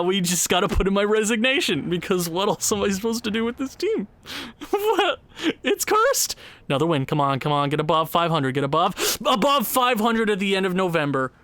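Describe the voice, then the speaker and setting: A man's voice: sharp tone, no room sound. Exasperated young man narrating gameplay. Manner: exasperated, sighing, jumps high in pitch when frustrated. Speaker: gaming YouTuber. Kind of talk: casual gameplay commentary.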